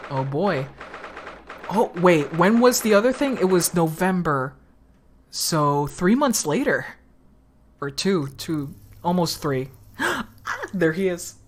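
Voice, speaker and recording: A woman streamer giving casual, excitable commentary on a game, swearing freely. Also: fairly low pitch, slow. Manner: excitable, laughs often, swears. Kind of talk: casual let's-play commentary.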